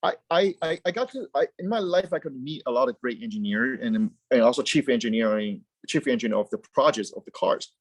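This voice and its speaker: Animated man, dry close sound. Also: mid-range voice, fairly quick, few pauses, husky, no room sound. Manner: animated, rambling with frequent restarts and repeated words. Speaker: guest, car company founder. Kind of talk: casual interview chat.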